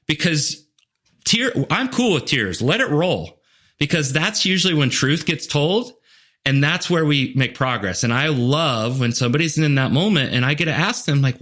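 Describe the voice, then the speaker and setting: A man's voice: medium pitch, expressive, moderate pace, pushed and bright. A man speaking as a leadership coach and podcast guest, talking earnestly and acting out what other people say. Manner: earnest, storytelling, many "like" and "you know" fillers; voices quoted people in asides. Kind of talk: conversational podcast interview.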